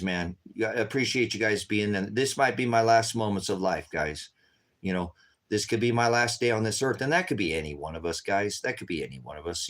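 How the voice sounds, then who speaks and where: Worn out after an all-night session, a man with a lowish, fairly bright voice talks off the cuff to his livestream viewers. He sounds urgent and keeps repeating himself, addressing everyone as "guys" again and again.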